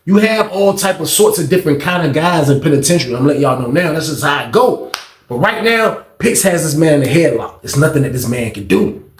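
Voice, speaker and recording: Young guy rambling through a story, cussing a lot, animated, echoey room. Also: on the high side, fairly quick, slight background noise. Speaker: storytime vlogger. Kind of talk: casual storytelling. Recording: roomy echo.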